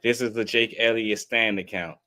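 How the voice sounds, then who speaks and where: A man's voice: on the low side, fairly even intonation, normal speed, sharp tone, no echo. Laid-back slangy man talking football. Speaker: podcast co-host. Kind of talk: casual sports podcast chat.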